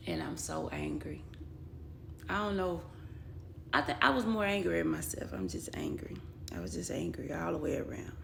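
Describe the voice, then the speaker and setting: Gravelly-voiced woman telling her own story. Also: on the low side. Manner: blunt and emotional, quotes others in dialogue. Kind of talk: personal storytelling vlog. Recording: echoey room with faint background noise.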